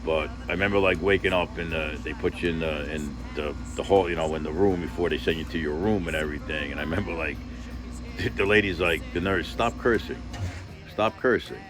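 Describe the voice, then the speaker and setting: A man's voice: extremely low pitch, fairly even intonation, fast, over music. A man telling a personal story in a casual, rambling, emotional way, swearing heavily and leaning on fillers.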